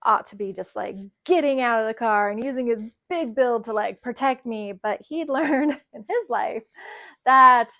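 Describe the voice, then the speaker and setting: A young adult woman telling a travel story casually, animated and swearing, with many fillers. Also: on the high side, moderate pace, vocal fry.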